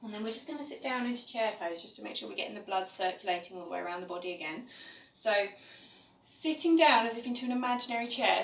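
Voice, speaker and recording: A woman leads a yoga class, calling out each pose in calm, steady cues. Her voice sits at a middle pitch and comes from some distance from the mic. The room around her is echoey, with a faint ambient hum underneath. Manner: calm step-by-step cueing of poses. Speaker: yoga teacher. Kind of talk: guided yoga class instruction.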